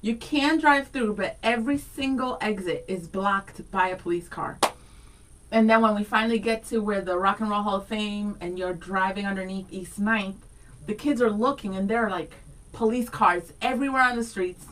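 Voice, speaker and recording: A woman's voice: mid-range voice, moderate pace, fairly bright tone, far from the mic, poor audio. A woman in her thirties co-hosting morning radio, chatty and laughing often, with a light Latina and East Coast accent. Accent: light Latina and East Coast mix. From Afro-Dominican background. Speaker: radio co-host. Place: radio studio.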